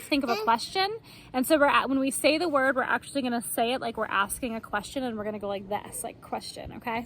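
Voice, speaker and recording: A woman with a fairly high voice leads a relaxed homeschool lesson and talks her listeners through songs and motions. She chats along, fills gaps with little fillers, and acts out her examples. Faint room noise sits under her voice. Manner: chatty, explains with fillers and acted-out examples. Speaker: homeschool teacher. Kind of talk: casual teaching of memory songs and motions.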